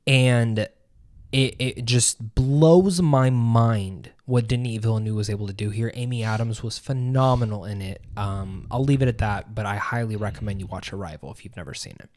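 A man's voice: on the low side, moderate pace, a little mellow. A man co-hosting a podcast in casual chat, earnest and emotional, swearing freely. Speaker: podcast co-host.

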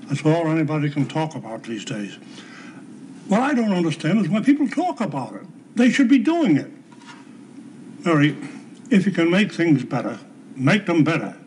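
A folksy old grandpa. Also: male voice, a little high, huge pitch swings, normal speed, pauses often, a little mellow, a little hiss or hum. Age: older. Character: folksy old grandfather giving plain advice. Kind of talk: 1970s TV soap acting.

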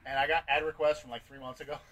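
A man's voice: mid-range voice, level tone, racing, a bit bright, far from the mic, rough recording. A man chatting casually about beer and life, swearing freely and rambling. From United States. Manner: profane, rambling. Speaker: beer vlogger. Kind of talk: casual chat.

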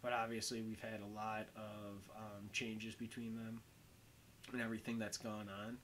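A man's voice: fairly low pitch, level tone, moderate pace, fairly bright tone, a little hiss or hum, low-quality recording. A young man giving casual movie commentary as host, rambling and full of "um" and "like.". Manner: rambling, heavy on fillers like "um" and "like".

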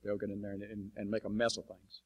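In a church sanctuary, a man speaking as a missionary preacher tells plain-spoken stories to the congregation. His fairly low voice is monotone and quick, and his manner is blunt and folksy, full of fillers.

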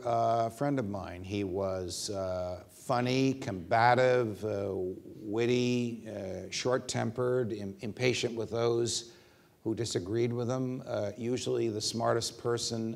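Gravelly-voiced man in a measured interview. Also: medium pitch. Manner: measured, frequent "uh" pauses, animated when telling stories. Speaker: guest legal commentator. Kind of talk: conversational interview, anecdotes. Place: stage at a university event.

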